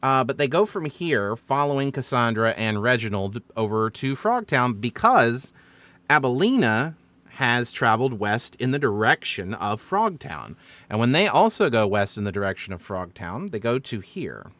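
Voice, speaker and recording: Man, dungeon master, casual recap, bright tone, dry close sound. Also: mid-range voice, big pitch swings, moderate pace, no room sound. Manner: chatty, explaining with fillers and self-corrections.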